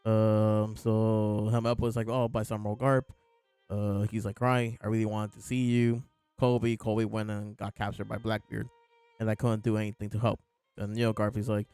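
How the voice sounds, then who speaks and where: Laid-back rambling man, gravelly voice. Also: fairly low pitch, fairly even intonation, moderate pace, mellow, no echo, soft background music. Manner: laid-back, rambling, lots of fillers and laughs. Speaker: podcast host reviewing a manga chapter. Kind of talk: casual chat.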